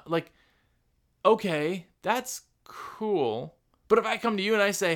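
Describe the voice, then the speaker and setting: A man hosting a podcast, giving blunt, animated motivational business talk full of rhetorical questions. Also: high-pitched, moderate pace. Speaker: podcast host.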